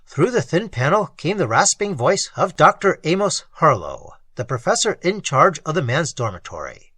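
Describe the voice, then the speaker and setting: A man reading a pulp horror story aloud as an audiobook, in a dramatic, expressive storytelling manner. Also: a little high, moderate pace, husky, no room sound. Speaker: audiobook reader. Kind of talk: audiobook narration.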